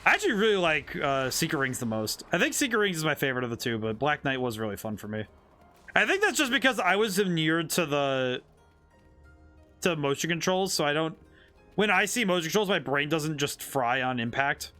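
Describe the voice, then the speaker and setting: Animated, bright-voiced male game streamer. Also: on the high side, a little fast, faint music behind. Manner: rambling, playful, thinking aloud with restarts. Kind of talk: casual live-stream commentary while playing.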